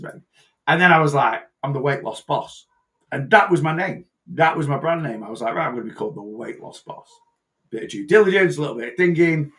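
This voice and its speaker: A man with a gravelly edge to his mid-pitched voice, chatting casually as a personal trainer. He rambles, trips over his own starts and repeats phrases as he goes. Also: a bit bright. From north-west England. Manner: rambling, repeats and restarts himself. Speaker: personal trainer and weight-loss coach.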